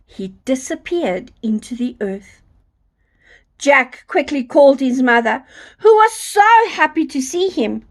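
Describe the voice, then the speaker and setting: Slow, high-voiced woman reading a children's story. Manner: slow, expressive read-aloud.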